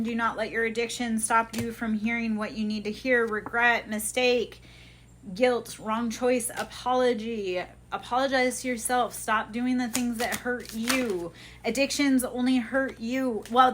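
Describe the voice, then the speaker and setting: A woman's voice: mid-range voice, fairly bright tone, slight background noise. A woman hosting a live stream, giving an impassioned spiritual pep talk in casual speech and swearing freely.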